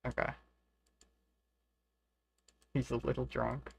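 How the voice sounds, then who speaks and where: A man's voice: mid-range voice, little pitch movement, slow, gravelly, slightly rough. A man streaming a retro online game, chatting casually, reading the in-game dialogue aloud, swearing freely and laughing often. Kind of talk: casual gameplay commentary.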